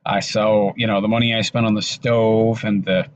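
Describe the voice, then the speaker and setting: Weary, halting man talking to camera. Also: fairly low pitch, level tone, muffled recording, slight background noise. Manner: halting, subdued, with many restarts and fillers. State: exhausted. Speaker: vlogger. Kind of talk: casual personal vlog monologue. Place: in his car.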